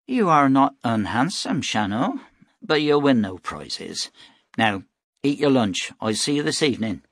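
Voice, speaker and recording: A man reading aloud voices a blunt, firm young widow in a raised, brisk tone. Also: medium pitch, sing-song, no room sound, studio quality, voice pushed up.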